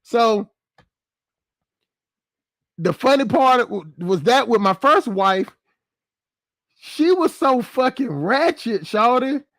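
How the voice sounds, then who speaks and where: High-voiced man telling a rambling story. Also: animated, takes it slowly, long pauses, fairly bright tone, no echo, studio quality. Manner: loose, profane, keeps checking in with the listener. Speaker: channel host. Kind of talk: casual storytelling monologue.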